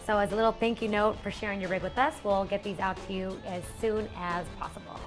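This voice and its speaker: A woman co-hosting a sim racing show, reading segment intros smoothly and teasing her co-host. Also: mid-range voice, steady tone, fast, soft background music. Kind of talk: scripted segment reading mixed with chat.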